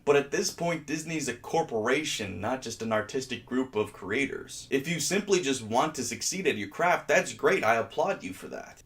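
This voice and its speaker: A man hosting his own commentary video, ranting in an exasperated, sarcastic way. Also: mid-range voice. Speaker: host.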